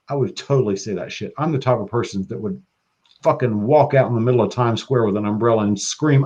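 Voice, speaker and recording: A man talking as a podcast guest, excitable and profane, laughing often. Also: medium pitch, fast, highs cut off. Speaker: guest practitioner. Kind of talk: casual podcast chat.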